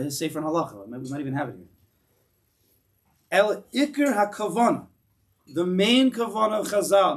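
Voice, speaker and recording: A man giving an informal Torah class in a synagogue, telling stories animatedly with many restarts and asides. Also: recorded from a distance. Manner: animated storyteller, acts out voices with big pitch jumps. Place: synagogue hall.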